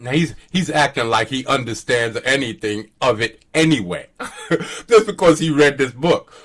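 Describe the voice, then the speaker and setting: A man's voice: mid-range voice, animated, normal speed, fairly bright tone. A man hosting a casual commentary rant, scoffing and profane, often breaking into laughter. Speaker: commentary channel host.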